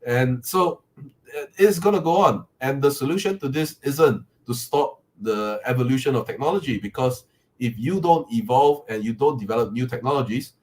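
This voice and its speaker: A man making his points in a live online debate, halting, with many fillers and restarts. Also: mid-range voice, a little mellow, rough recording. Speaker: call-in debater. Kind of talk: casual debate on a live call. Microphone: webcam call mic.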